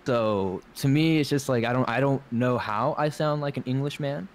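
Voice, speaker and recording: A man's voice: medium pitch, normal speed, a little hiss or hum. A man with a light Southern American accent, a guest narrator chatting casually and laughing as he acts out other people's lines. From Southern United States. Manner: laid-back, laughing, acts out quoted voices. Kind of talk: casual interview chat.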